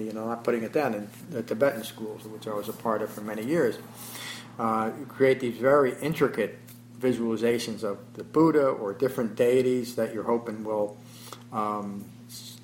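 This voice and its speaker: A man's voice: medium pitch, a little hiss or hum, poor audio. Man giving a reflective dharma talk. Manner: reflective, thinks aloud with pauses; self-deprecating, chuckling about his habits. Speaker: meditation teacher. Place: meditation class before a small group.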